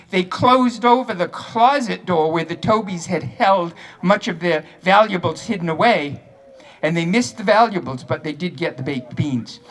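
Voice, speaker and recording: A man with a high voice and a New England accent tells a town's history story to a crowd. His delivery is lively, with dry humor slipped in between the facts. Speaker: local history speaker. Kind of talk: storytelling speech at a town ceremony.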